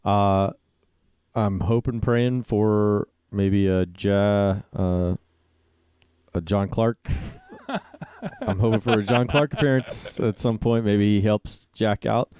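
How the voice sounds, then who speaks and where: A man's voice: on the low side, steady tone, takes it slowly, a little mellow, smooth, no room sound. A man co-hosting a casual podcast, tossing in dry jokes and short agreeing replies. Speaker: podcast co-host.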